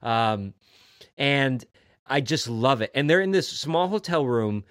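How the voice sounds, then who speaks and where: A man's voice: medium pitch, animated, slow, a bit bright, no room sound. A man in casual podcast conversation, rambling through a favorite movie scene with growing enthusiasm. His voice sits mid-range and is recorded dry and close. He tosses in fillers and swear words freely. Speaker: podcast co-host. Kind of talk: casual film discussion.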